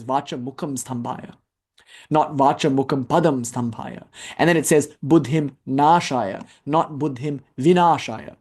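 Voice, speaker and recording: Male teacher, slightly higher pitch, earnest explanatory lecture with casual fillers. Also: warm tone. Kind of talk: spiritual class lecture.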